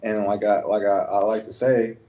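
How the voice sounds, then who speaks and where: A man's voice: on the low side, flat delivery, normal speed, mellow. A male podcast co-host who agrees with his partner, then preaches on scripture in a casual way. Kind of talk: casual religious talk.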